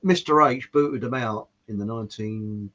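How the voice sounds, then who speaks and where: A man's voice: mid-range voice, normal speed, fairly bright tone. Rambling man, muffled audio. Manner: rambling, chuckles at his own jokes. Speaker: show host. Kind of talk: casual chat reading viewer comments.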